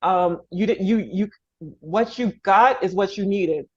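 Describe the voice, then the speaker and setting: A woman's voice: medium pitch, unhurried, slightly rough, lo-fi sound. A woman from the Bronx hosting a podcast interview over a video call, talking effusively, laughing through tears and restarting her sentences often. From New York, the Bronx. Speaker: podcast host. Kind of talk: emotional interview conversation.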